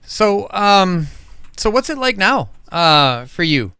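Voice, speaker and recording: Bright-voiced animated male podcast host. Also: high voice, slow pace, clear, resonant tone, no echo. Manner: animated storyteller, emotional, swears casually. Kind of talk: casual interview chat.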